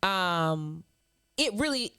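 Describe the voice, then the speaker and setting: A woman's voice: fairly low pitch, very animated, very slow, sharp tone, clean tone, dry recording, studio quality. A woman co-hosting a podcast, reading out nasty emails from viewers and answering them with mocking, sassy clapbacks and laughter. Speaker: podcast co-host. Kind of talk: casual chat, reading hate mail aloud.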